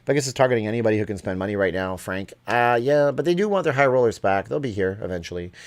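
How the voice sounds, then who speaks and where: A man's voice: on the low side, lively intonation, quick pace. A middle-aged man hosting a casual live stream, reading out viewer questions from the chat and answering them offhand.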